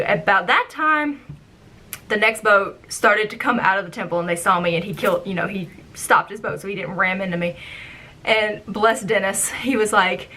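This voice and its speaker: A young woman in her twenties casually telling stories from her old job as a theme park ride guide, chatty and animated, acting out how she reacted back then. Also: mid-range voice, normal speed. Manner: animated, acts out her own past reactions; chatty, with frequent "like" and "um". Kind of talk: casual storytelling vlog.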